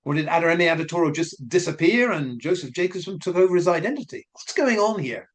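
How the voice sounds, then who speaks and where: A man's voice: on the high side, lively intonation, quick pace. A man giving casual spoken commentary, asking questions and speculating, repeating his points as he goes. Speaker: commentary vlogger.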